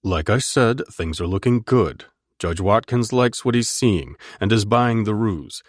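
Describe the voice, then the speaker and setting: Easygoing brother on the phone, reassuring tone, low voice, narrator's own take. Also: male voice, lively intonation, measured pace, no room sound, studio quality. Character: warm adult brother on the phone, man.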